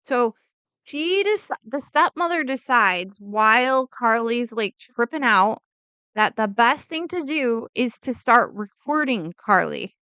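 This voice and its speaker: This vlogger's voice is fairly high, expressive, slow, and sharp in tone, recorded smoothly without echo. Recounting a true crime case casually, she wanders off track, leans heavily on "like," and breaks in with her own opinions and disclaimers.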